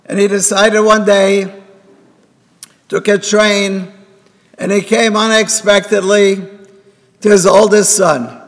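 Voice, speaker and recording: A man's voice: high-pitched, level tone, takes it slowly, long pauses. A man giving a sermon at a synagogue, telling a parable and voicing the characters' words himself. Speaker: rabbi giving a talk. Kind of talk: sermon with storytelling. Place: synagogue hall. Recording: reverberant hall.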